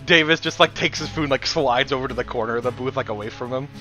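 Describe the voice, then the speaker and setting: A man's voice: medium pitch, quick pace, bright, forceful tone. A man narrating a tabletop game as game master, rambling with fillers and frequent laughter.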